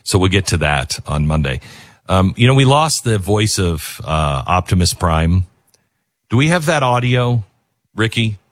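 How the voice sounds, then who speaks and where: A male talk show host talks with a husky, somewhat low voice that rises and falls widely. He rambles and gets emotional, restarting his sentences. The sound is dry and close on a studio mic. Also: big pitch swings, unhurried, no room sound. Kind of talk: casual talk radio commentary.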